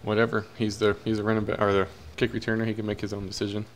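A man's voice: fairly low pitch, completely flat delivery, very fast. A young man casually commentating his own football video game, cheering and groaning at the plays. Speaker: gaming commentator.

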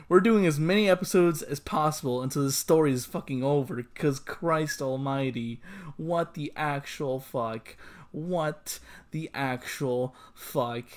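A man's voice: on the high side, darkish tone. A young man hosting an anime reaction, exclaiming and swearing, often repeating himself in disbelief. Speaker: anime reaction channel host. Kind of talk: emotional anime reaction commentary.

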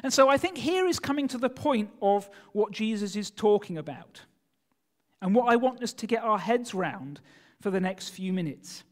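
A man preaching a sermon in a church, speaking in an animated way and putting rhetorical questions to his listeners. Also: high voice, normal speed. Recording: long church hall reverb.

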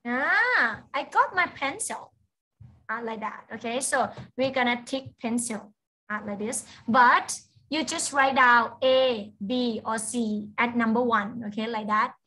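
A woman teaching English to young children online, slow, repetitive and playful. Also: a little high, sharp tone, low-quality recording.

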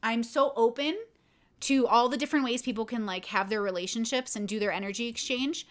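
A woman's voice: on the high side, a little fast. A young adult woman casually telling a personal story on a livestream, candid and rambling with many fillers. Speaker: content creator and streamer.

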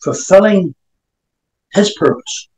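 A man's voice: high voice, lively intonation, slow pace, a little mellow. Emphatic preacher man, echoey hall. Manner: emphatic, reads scripture aloud between remarks. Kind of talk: sermon.

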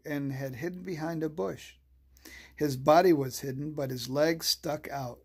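A storyteller reading a children's bedtime story aloud, slow and soothing. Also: mid-range voice, a little mellow, slightly rough.

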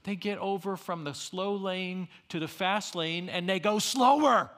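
A middle-aged man preaching a sermon at a university, animated and humorous, swinging between loud emphasis and quiet asides. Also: high voice, measured pace. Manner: humorous storytelling. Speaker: university chapel speaker.

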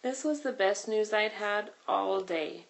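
A woman reads a children's novel aloud, telling the story expressively. Her voice sits at a middle pitch, neither high nor low. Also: unhurried, creaky. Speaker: reader.

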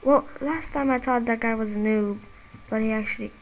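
A woman giving casual, excitable commentary while playing a game, quick to get frustrated and quick to apologize. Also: on the high side, a little hiss or hum, low-quality recording. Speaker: gamer and channel host.

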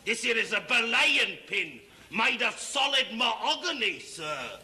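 An actor playing a rough, common sailor who speaks in a coarse, working-class way in a 1960s TV sketch. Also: male voice, very high voice, big pitch swings, a little slow, sharp tone, exaggerated voice. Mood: protesting.

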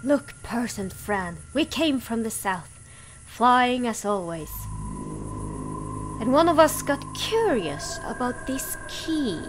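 A woman voicing a group of tangled, flying creatures with a slow, sarcastic drawl over game music. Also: on the high side, sing-song, poor audio.

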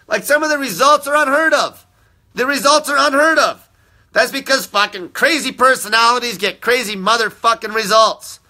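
Brief: high-pitched, very bright, tense male host, abrasive, profane and insulting, live-stream rant. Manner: aggressive, constant swearing, insulting viewers. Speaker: fasting diet coach hosting a live show.

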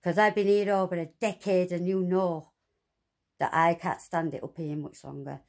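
A woman ranting angrily and swearing, talking to her viewers from inside her flat. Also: on the low side, normal speed. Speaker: vlogger. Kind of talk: angry monologue to camera.

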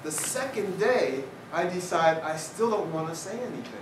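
Speaking at a moderate pace in a high, animated voice, a male guest speaker entertains a university lecture hall audience with funny personal anecdotes and wry asides. The distant mic picks him up in a roomy, noisy space.

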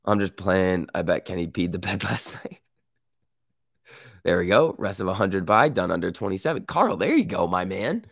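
Guy with a sick voice doing live stock commentary, real low and gravelly, dry close sound. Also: animated, no echo. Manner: casual, quick reactions, slangy. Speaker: stock market livestream host. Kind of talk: live market commentary, reading chat.

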